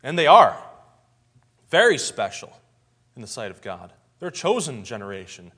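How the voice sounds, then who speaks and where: A man's voice: mid-range voice, big pitch swings, moderate pace, a bit bright, breathy edge. A man preaching a sermon in a folksy storytelling way, acting out the scenes he describes.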